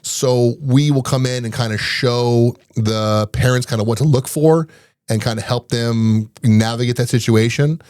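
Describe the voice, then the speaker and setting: A middle-aged man, a guest on a podcast, telling lively anecdotes in a casual interview and often laughing between them. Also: medium pitch, no echo, clean studio sound. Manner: rapid, animated anecdotes broken up by laughter. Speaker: podcast guest, IT business owner.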